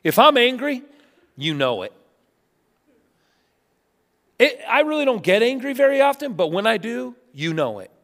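A male pastor preaching a sermon, telling funny stories and swinging between loud bursts and hushed asides. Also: very high-pitched, normal speed, long pauses. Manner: animated storytelling with humor, swinging from loud to hushed. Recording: long reverb of a large hall.

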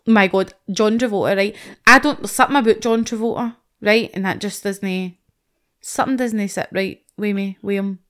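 A Scottish woman in casual podcast chat, ranting with animated energy and plenty of swearing. Her voice sits at an ordinary middle pitch for a woman. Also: moderate pace. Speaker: podcast co-host.

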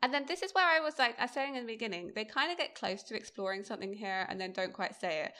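A woman's voice: on the high side, animated, quick pace, bright, forceful tone. A woman co-hosting a podcast, chatting casually about a TV episode, laughing often. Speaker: podcast co-host. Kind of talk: casual chat recapping a TV episode.

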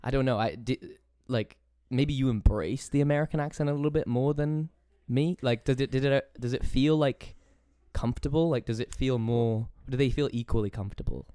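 A relaxed man chats easily and casually, slipping in words like dude and man. His voice sits in a middle range, and the recording is close and dry. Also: medium pitch, normal speed, few pauses, clear, resonant tone, no echo. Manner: laid-back and chatty, says dude and man. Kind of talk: casual conversation.

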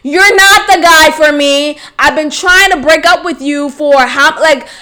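A woman hosting a solo podcast, telling a personal story in a casual, animated way that swings into loud, exasperated outbursts. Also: high-pitched, measured pace. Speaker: podcast host.

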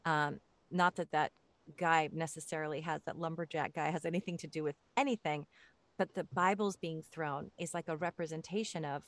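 Low-voiced woman host, dry close sound. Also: fairly even intonation, normal speed, a bit bright, dry recording. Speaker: host and medium. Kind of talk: conversational interview.

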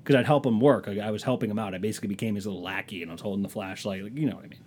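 A man's voice: fairly low pitch, racing, darkish tone, breathy edge. A man, hosting a podcast and telling a rambling, profane, self-mocking story in a casual comic style. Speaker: podcast host.

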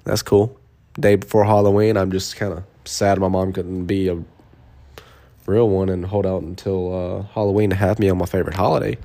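A man's voice: deep voice, moderate pace. A man in his twenties, a beer sales rep, casually telling stories in a rambling way, sleep deprived and swearing now and then. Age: 20s. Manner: rambling, swearing, excitable when retelling. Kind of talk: casual storytelling vlog.

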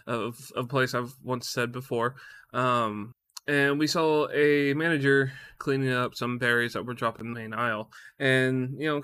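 A man's voice: medium pitch, sharp tone, smooth, dry recording. A young man tells a casual story in a rambling, profane way and stumbles over his words. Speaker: vlogger.

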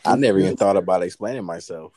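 A man with a low voice chatting on a podcast in short, blunt lines with plenty of swearing. A faint hiss runs behind him. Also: racing, dark tone. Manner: blunt, terse, profane. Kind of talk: casual podcast chat.

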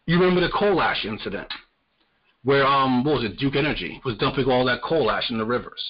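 A man's voice: medium pitch, lively intonation, a little fast. A man hosting a podcast, giving casual political commentary in a heated, profane ranting manner. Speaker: podcast host. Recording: slightly muffled lo-fi audio.

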